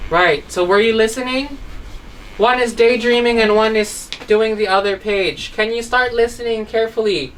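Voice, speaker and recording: A woman's voice: fairly high pitch, normal speed, far from the mic, slight background noise, low-quality recording. A woman teaching a child English phonics, telling a story and asking patient questions. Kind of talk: online phonics lesson for a child.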